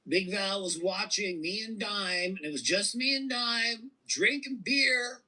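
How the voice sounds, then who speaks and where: A man in his fifties, a guest telling an animated and emotional story in a casual interview. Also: sits high, measured pace, a crowd in the background, rough recording. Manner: animated, emotional storyteller who repeats and restarts.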